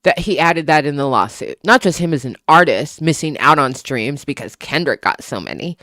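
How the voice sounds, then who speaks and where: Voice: mid-range voice, animated, normal speed, bright, forceful tone, no echo, clean studio sound. An author chatting casually to a livestream audience from a room at home, loose and profane, laughing often into a small microphone. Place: home room with window open. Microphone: small desktop microphone.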